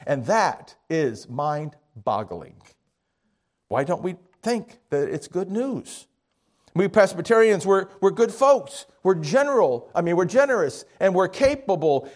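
A man preaching a conversational sermon, asking his congregation questions and correcting himself as he goes. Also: high-pitched. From Miami area, Florida.

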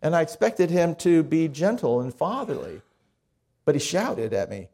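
Male pastor, slightly higher voice, easygoing sermon delivery with casual asides. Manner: conversational, lively storytelling with pauses.

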